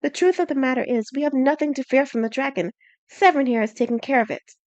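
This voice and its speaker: An earnest young princess speaks in a lifted, pleading voice, as a woman narrator plays her. She sounds high and clear over a dry, close home recording. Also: quick pace, darkish tone, no room sound, lo-fi sound, lightly acted.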